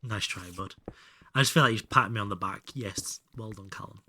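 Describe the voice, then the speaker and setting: A man's voice: fairly low pitch, a little fast, bright, forceful tone, slight background noise. A man chatting casually with his viewers while playing a game, joking and bantering, now and then muttering under his breath. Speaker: streamer. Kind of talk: casual live-stream chat while gaming.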